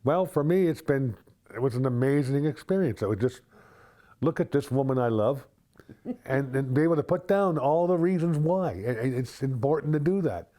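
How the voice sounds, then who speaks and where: A man's voice: medium pitch, expressive, moderate pace. A man in a news feature interview, sincerely reading love notes he wrote for his wife. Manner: reads heartfelt love notes aloud, gentle and sincere. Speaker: interviewee, husband.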